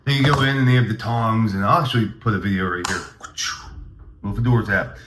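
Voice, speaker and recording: A man's voice: on the low side, fast talker, roomy sound, background noise. A man hosting a comedy podcast, rambling through a mock-grandiose, hyped monologue.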